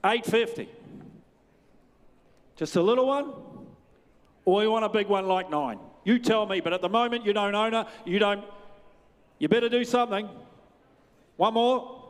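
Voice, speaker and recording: Auctioneer, male, New Zealand accent: high, clear voice, rapid chant, big reverberant sales hall. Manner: fast rhythmic bid calling with banter to bidders. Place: large sales ring.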